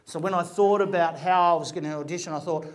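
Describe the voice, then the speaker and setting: A man's voice: a little high, fairly even intonation, fast. A middle-aged man, an actor telling stories about his career in a chatty, rambling way with frequent restarts. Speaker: actor giving a talk. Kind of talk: casual storytelling talk.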